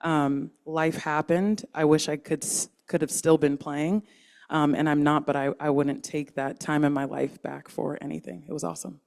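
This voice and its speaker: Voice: medium pitch, steady tone, moderate pace, vocal fry. A panelist who once played professionally, answering earnestly and reflectively. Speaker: panelist, former professional athlete.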